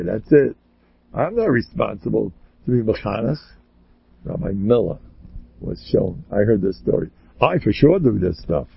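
An older man, a rabbi, giving a rambling, joking talk full of stories, with sudden loud exclamations. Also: on the low side, vocal fry, husky, no room sound, lo-fi sound. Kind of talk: rambling storytelling sermon.

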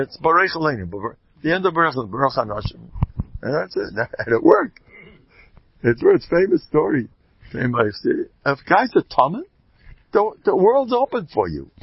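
A man, giving an animated Torah lecture. His gravelly, husky voice swings widely in pitch as he tells stories. The recording is dry and dull, lo-fi. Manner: animated storyteller, jumps between Hebrew terms and English slang. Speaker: rabbi giving a class.

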